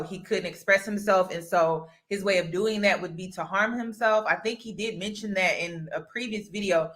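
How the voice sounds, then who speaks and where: A woman's voice: medium pitch, pushed and bright. Woman giving firm casual commentary. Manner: explains firmly, repeats points for emphasis. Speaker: commentary host.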